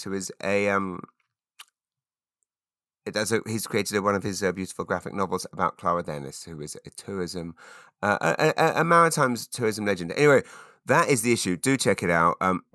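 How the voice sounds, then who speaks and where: A man's voice: sits low, bright, forceful tone, clean tone, no echo, clean studio sound. A man in his forties hosting a solo podcast, chatting casually and rambling with lots of fillers and restarts. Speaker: podcast host.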